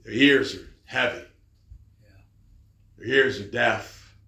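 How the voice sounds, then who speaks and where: A man preaching a fervent sermon, telling stories and rising to loud exclamations. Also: medium pitch, takes it slowly, vocal fry, roomy sound.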